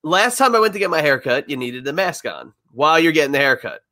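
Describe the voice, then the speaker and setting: A man's voice: fairly high pitch, very animated, fast, pushed and bright, no room sound, clean studio sound. A man co-hosting a podcast, telling casual anecdotes in an easygoing, joking way and acting out what people said. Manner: easygoing, joking, acts out quotes. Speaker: podcast co-host. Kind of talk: casual chat, storytelling.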